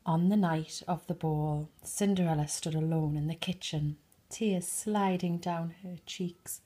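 A woman reading a bedtime story for toddlers in a soft, expressive way, sometimes dropping to a whisper. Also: lowish voice, measured pace.

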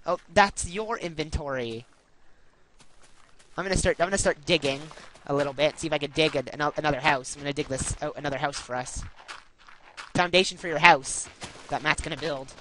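A man casually chatting while playing a block-building game with friends, bossy and joking, with loud excited shouts. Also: on the high side, brisk, a little hiss or hum, rough recording. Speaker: gamer. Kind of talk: casual gameplay chat.

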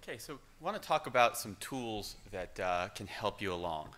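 Low, bright-voiced man presenting. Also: animated, moderate pace. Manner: casual, many fillers and restarts. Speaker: conference speaker. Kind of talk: conference presentation. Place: conference hall. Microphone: speaker microphone.

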